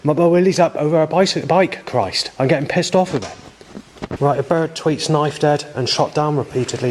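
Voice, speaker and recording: A man's voice: on the high side, normal speed, darkish tone, slight background noise. Agitated, swearing man. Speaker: video diarist. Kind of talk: rambling spoken video diary. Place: outdoors on a muddy path. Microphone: handheld camera.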